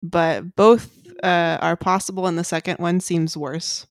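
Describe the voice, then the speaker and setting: A woman's voice: on the low side, fairly even intonation, measured pace, no room sound, clean studio sound. A woman hosting a podcast, reacting and joking in a casual chat. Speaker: podcast host.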